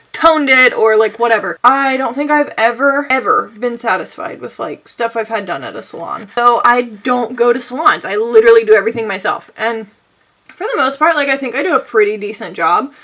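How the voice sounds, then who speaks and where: A young woman talks her way through a makeup look, rambling from one thought to the next and poking fun at herself. Her voice sits a little high and sounds bright and forward, and she keeps chatting casually to her viewers as she works. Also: animated, normal speed. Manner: rambling, bubbly, self-mocking. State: sweaty and out of breath. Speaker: beauty vlogger.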